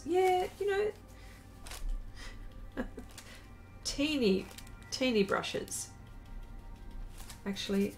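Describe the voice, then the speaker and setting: Middle-aged woman, live stream host, casual chat while drawing, slightly high voice, creaky. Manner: chatty, unhurried, reads viewer comments aloud. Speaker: artist hosting a live stream.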